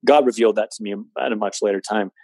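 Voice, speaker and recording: A man's voice: fairly low pitch, fairly even intonation, quick pace, gravelly, a little mellow, no echo. A man in his late twenties earnestly recounting a personal story in conversation, with many fillers. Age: 20s. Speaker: guest telling his story.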